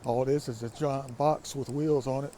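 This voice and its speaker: Casual vlogger, male, raspy and congested, rambling speculative musings, warm dark timbre, recorded outdoors with light background ambience. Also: mid-range voice, steady tone, moderate pace, a little hiss or hum. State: stuffy with allergies. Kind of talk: casual walking vlog monologue. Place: outdoors by a creek.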